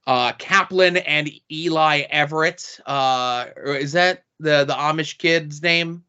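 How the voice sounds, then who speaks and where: A man's voice: a little high, slow, clear, resonant tone. A man co-hosting a podcast, chatting casually with lots of fillers. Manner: relaxed, filler-heavy banter. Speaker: podcast co-host. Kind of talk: casual chat. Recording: dull lo-fi podcast audio.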